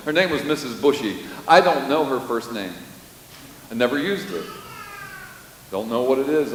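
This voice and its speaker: A man preaches from the pulpit, telling stories and now and then breaking into loud bursts. His voice rings through a large church hall with a long reverb tail. A faint hiss sits under the recording. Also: medium pitch. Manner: storytelling, animated, with sudden loud bursts. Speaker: pastor. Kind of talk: sermon. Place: church sanctuary.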